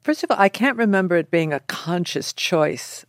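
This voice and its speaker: A woman's voice: lowish voice, animated, normal speed, no room sound, studio quality. A woman in her seventies from the Buffalo area, talking with refined, trained theatrical diction and laughing easily as an interview guest. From Buffalo area, New York. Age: 70s. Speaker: actress guest. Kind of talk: interview conversation.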